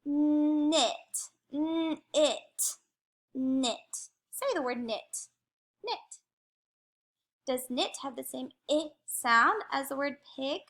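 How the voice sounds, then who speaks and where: Slow, careful woman teaching phonics. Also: sits high, expressive, sharp tone. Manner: slow, careful modeling of sounds. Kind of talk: recorded phonics lesson.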